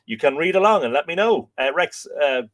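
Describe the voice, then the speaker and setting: A man's voice: on the high side, animated, a little fast, fairly bright tone. Chatty Irish man reading out viewer comments. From Ireland. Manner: chatty and musing, with filler words. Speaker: host. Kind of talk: live stream chat, reading viewer comments.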